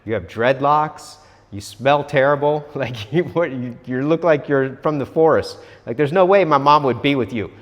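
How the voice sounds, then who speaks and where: A man voicing a brash, rude young boy who guards a cave and mocks a stranger, in a loud, blunt voice. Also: on the low side, in a large hall, natural voice. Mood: mocking. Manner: blunt, mocking, talks fast and loud.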